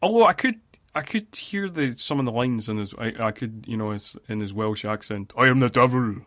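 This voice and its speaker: A man's voice: fairly low pitch, normal speed, fairly bright tone, no room sound. A man co-hosting a casual podcast about a film, rambling with lots of fillers. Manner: rambling with many fillers and laughs. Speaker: podcast co-host. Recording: dry, dull lo-fi audio.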